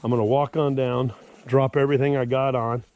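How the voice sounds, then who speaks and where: A man's voice: medium pitch, level tone, fairly quick, narrow, tinny audio. An older man filming himself outdoors with a handheld action camera, rambling in a folksy, grumbling way as he tours his lakeside yard. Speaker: homeowner giving a yard tour. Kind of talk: casual self-filmed vlog.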